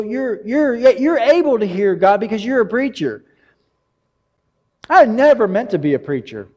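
Earnest high-voiced male pastor. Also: darkish tone, big-room sound. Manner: earnest, confessional, rambling with many restarts. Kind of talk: sermon.

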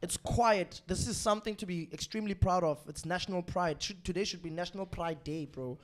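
A man's voice: high-pitched, brisk. A young man with a South African accent, co-hosting a casual podcast and chatting in a laid-back, slangy way. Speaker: podcast co-host and DJ. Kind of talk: casual chat.

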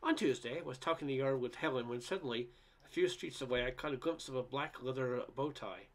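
A man's voice: mid-range voice, fast. Man reading a comic essay aloud. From Canada. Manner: stumbling restarts and fillers while reading. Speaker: reader.

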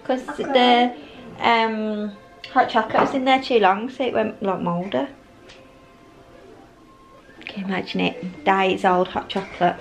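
A woman's voice: medium pitch, fairly even intonation, normal speed, low-quality recording. A woman, chatting to the camera at home while doing chores. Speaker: vlogger, mother. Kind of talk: casual vlog chat. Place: family home.

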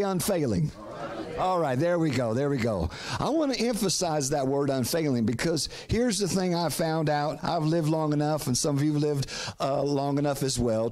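A man's voice: on the high side, a little mellow. A middle-aged man preaching a sermon as pastor, calling on the congregation to repeat words, often restarting phrases. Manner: preaching with call-and-response prompts to the congregation.

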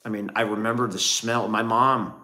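A man's voice: on the low side, fairly even intonation, moderate pace, pushed and bright. A middle-aged man co-hosting a casual livestream, telling a family story and thanking viewers. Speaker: livestream co-host.

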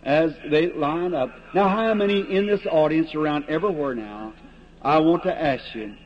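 A man's voice: on the high side, normal speed. A man preaching a revival sermon and calling people up for prayer, in a folksy, plain-spoken, earnest way. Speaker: evangelist preacher. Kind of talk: old-time revival sermon and prayer line. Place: large meeting hall before an audience. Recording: dull lo-fi archival tape with faint hiss.

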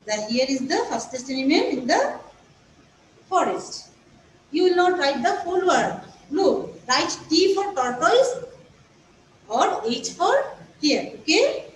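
Leading an English grammar class for young pupils, a native Bengali-speaking woman with a Bangladeshi English accent patiently repeats each step. She sounds high-pitched and very animated, talking slowly with frequent pauses. Her voice is far from the mic in an echoey space with slight background noise.

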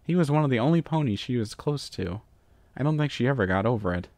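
A man's voice: medium pitch, lively intonation, fast, darkish tone, no echo, natural voice. A man voicing a blunt, stubborn female pony who is an adventurous archaeology professor, in a storybook reading.

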